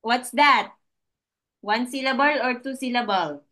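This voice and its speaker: Slow, bright-voiced woman tutor. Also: a little high, a little hiss or hum. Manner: patient and encouraging, laughs often. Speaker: online English tutor. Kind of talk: one-on-one online lesson for a child. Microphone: video call.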